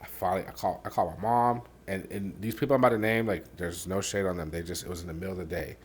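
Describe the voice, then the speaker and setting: Man, very low pitch, podcast host, candid halting storytelling, soft on painful moments, faint background noise. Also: fairly even intonation. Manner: halting, many fillers and restarts; softens and drops low on painful parts.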